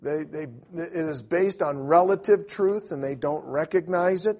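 A man's voice: on the high side, unhurried. A man preaching a sermon, telling stories conversationally with many fillers and restarts, acting out the people he quotes. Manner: animated storyteller acting out quoted voices. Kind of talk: sermon with storytelling.

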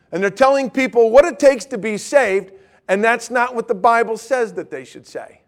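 A male pastor preaching a sermon with great passion, swinging from loud urgent declarations to quiet joking asides. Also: high voice.

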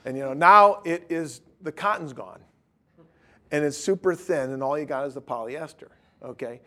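A male pastor preaches with a notably high voice, his passion rising into urgent, near-shouted declarations before dropping into soft, joking asides. He is heard from a distance in a large hall. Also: moderate pace. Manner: impassioned, swings from shouting to quiet joking. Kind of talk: sermon.

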